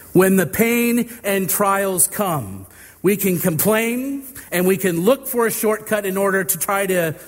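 A man preaching a sermon, telling an illustrative story in a deliberate, drawn-out way. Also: high voice, long reverb tail. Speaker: pastor.

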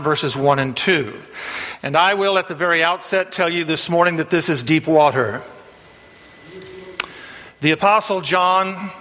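A man preaching in a church sanctuary, his voice bright and forceful and set a little high. He tells a folksy story full of "uh" pauses and lifts his voice for the punchlines. His words ring out with a long reverb around them. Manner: folksy storytelling with frequent "uh" fillers, rising for punchlines. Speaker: pastor. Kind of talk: sermon.

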